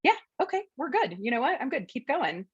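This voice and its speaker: Casting: woman doing a breezy, talkative female dog, squeaky and high, dull lo-fi webinar sound. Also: big pitch swings, a little fast. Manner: chatty, casual, high squeaky put-on voice. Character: easygoing female dog speaking her mind.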